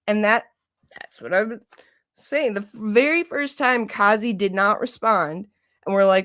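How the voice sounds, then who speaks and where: A woman's voice: mid-range voice, unhurried. A woman from Michigan hosting a livestream, chatting casually and ranting with lots of "like" and swearing. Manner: animated, ranting, heavy use of "like", swearing. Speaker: livestream host.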